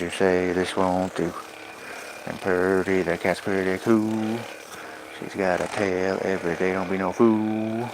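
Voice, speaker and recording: A man livestreaming at home, massaging his dogs and talking to them in playful rhyming singsong, with coaxing commands to the pets. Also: low voice. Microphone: phone microphone on a stream. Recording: clear background noise.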